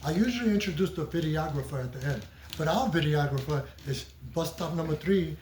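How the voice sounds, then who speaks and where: A middle-aged man, a guest comedian and actor, chatting in an animated, joking, rambling way at a theater venue after a performance. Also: on the high side, brisk, a little hiss or hum. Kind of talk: casual chat. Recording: roomy echo.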